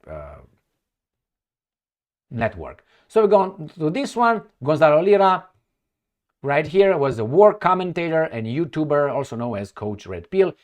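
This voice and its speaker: A man reacting to news articles on camera, indignant and emphatic, swinging between loud outbursts and low mutters. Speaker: political commentator.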